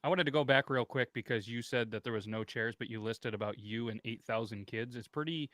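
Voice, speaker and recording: A man's voice: mid-range voice, a little fast, a bit bright, no room sound. A man co-hosting a podcast, chatting casually and making dry jokes. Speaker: podcast co-host.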